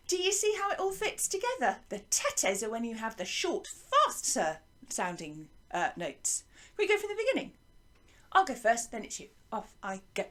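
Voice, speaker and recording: Lively woman teaching a children's lesson. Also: on the high side, unhurried, noisy background. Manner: encouraging, chanting rhythms with pupils. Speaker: primary school music teacher.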